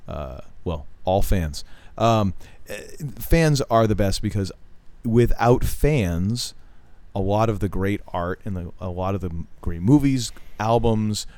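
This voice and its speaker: A man's voice: on the low side, lively intonation, slow pace, few pauses, darkish tone, no echo. A middle-aged man co-hosting a podcast, chatting casually, rambling through stories and laughing as he jokes. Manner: rambling, jokey, laughs while telling stories. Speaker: podcast co-host. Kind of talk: casual chat.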